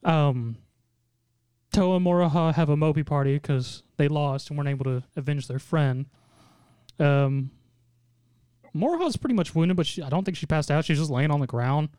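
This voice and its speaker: A man casually recapping a show, telling it with lively mock quotes and lots of laughing. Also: a little high, normal speed, smooth, dry recording, clean studio sound. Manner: animated storytelling, mock quotes in put-on voices, frequent laughter. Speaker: podcast host recapping an anime episode.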